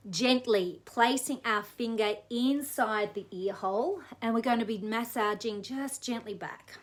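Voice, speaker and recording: Female wellness educator, slightly high-pitched, leads calm self-massage steps softly. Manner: gentle, soothing, slow guidance with soft laughs. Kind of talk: guided self-massage instruction.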